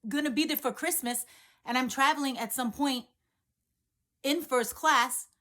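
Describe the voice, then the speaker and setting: A woman voicing a man who is excited and indignant, talking higher and louder than her usual voice. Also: measured pace. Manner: raised, excited.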